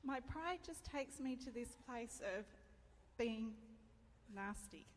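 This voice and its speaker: A woman's voice: on the high side, animated, slow pace, a little hiss or hum. A middle-aged woman giving a sermon, telling a personal story in a candid, self-deprecating way and laughing often. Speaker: preacher. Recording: reverberant hall, faint ambience.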